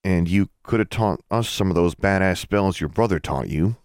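Man voicing an eager schoolboy, cheeky, low, dry. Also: normal speed, smooth, no room sound.

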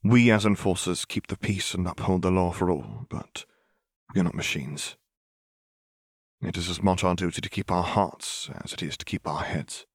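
Guy doing a worn out idealistic lady sheriff, measured and formal, deep voice. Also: slightly rough, dry recording, studio quality. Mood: weary. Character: weary earnest woman sheriff, formal and idealistic. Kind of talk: audiobook reading of fan fiction.

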